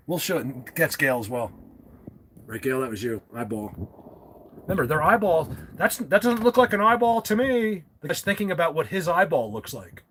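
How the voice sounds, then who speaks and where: A man with a New Jersey accent hosting a live stream, talking emphatically, yelling at times and stumbling over restarts. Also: a little high, sing-song, normal speed, a little hiss or hum. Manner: emphatic, yells, stammering restarts. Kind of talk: excited live-stream talk. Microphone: phone at a desk.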